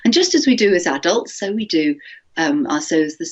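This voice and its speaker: A husky-voiced woman leads an interactive teacher-training workshop, speaking with lively energy and often checking in with her listeners. She slips into worried inner voices to make her points. The sound is dull and lo-fi, as if coming through a video call. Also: lowish voice, brisk. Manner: lively, animated, acts out anxious inner voices, frequent "okay?".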